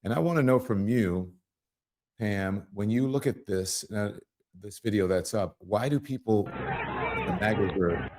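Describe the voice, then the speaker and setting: A man hosting an interview, asking probing questions gently, often restarting his sentences. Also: fairly low pitch, noisy background. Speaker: interview host.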